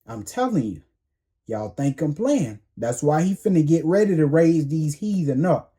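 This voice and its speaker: A man's voice: fairly high pitch, big pitch swings, moderate pace, mellow. A man preaching a sermon in a blunt, confrontational way, hammering home repeated commands in slangy everyday speech.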